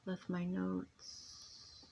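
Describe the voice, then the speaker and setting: A woman's voice: on the low side, completely flat delivery, extremely slow, gravelly, warm tone, a little hiss or hum. A woman talking straight to her phone in a rambling personal monologue, emphatic and full of restarts that trail off. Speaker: vlogger.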